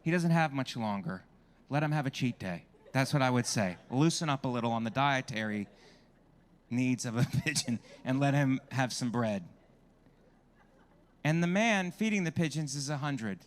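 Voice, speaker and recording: A man's voice: mid-range voice, animated, normal speed. A man doing a stand-up comedy set on a club stage, brash and crowd-working, swearing freely into a handheld mic.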